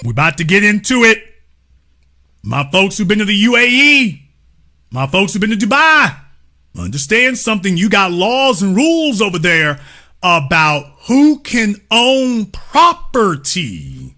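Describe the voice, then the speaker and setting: A man's voice: high voice, huge pitch swings, measured pace, pushed and bright. A man hosting a livestream, giving emphatic, profane opinion commentary and talking straight to his chat. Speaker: livestream host.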